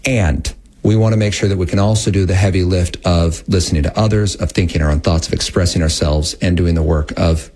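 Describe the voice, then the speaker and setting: A man's voice: deep voice, fairly even intonation, a little fast, a little mellow. A man in his thirties, a guest explaining parenting and technology in an earnest, explanatory way. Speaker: guest, Christian tech educator. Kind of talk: interview conversation.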